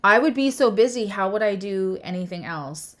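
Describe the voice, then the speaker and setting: A woman hosting a relaxed spiritual talk as an astrologer and tarot reader. Her voice sits at a mid pitch, and her delivery is expressive and emphatic, with quick restarts as she works through her thoughts. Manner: animated and emphatic, restarts phrases. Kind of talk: casual spiritual chat.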